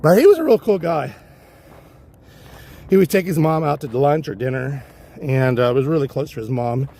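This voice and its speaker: A man's voice: on the high side, lively intonation, normal speed, creaky, mellow. A man livestreaming while hiking a trail, casually telling a wandering, profane story. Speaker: livestream vlogger. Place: outdoor hillside trail.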